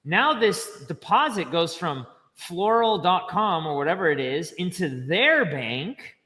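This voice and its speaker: A man explaining banking step by step in casual livestream chat, chatty and quick to laugh. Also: high voice, big pitch swings, pushed and bright, big-room sound. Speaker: finance educator guest.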